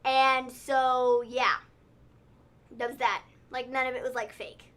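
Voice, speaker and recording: High-voiced bright woman rambling thru a recap, lots of "like". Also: flat delivery, takes it slowly. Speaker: podcast co-host. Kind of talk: casual wrestling recap chat.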